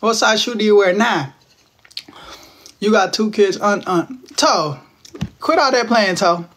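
A Texan in his twenties hosts a laid-back livestream from home using his phone. Speaking a little slowly in a high, fairly bright voice, he teases viewers and responds to their comments with playful slang.

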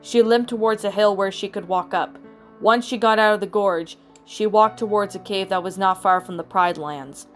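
Woman reading a story over soft music. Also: medium pitch, normal speed. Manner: plain, even read-aloud narration with small slips. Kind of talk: reading fan fiction aloud. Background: soft background music.

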